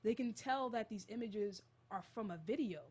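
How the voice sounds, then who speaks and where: A young woman hosting a college radio show, retelling a creepy story in a casual, animated and jittery way. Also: fairly high pitch, normal speed, slightly rough.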